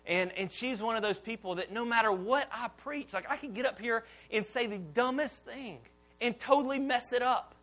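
A man in his thirties preaches to his congregation with a strikingly high, bright voice. He talks casually and keeps it lively, calling on the room to repeat lines back to him. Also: moderate pace. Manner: animated, conversational preaching with audience call-and-response. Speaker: pastor. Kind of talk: sermon. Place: church auditorium before a congregation.

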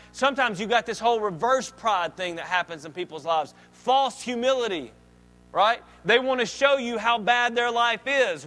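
A man's voice: sits high, pushed and bright. A man preaching a sermon as a pastor, reading scripture and explaining it in a conversational way with joking asides.

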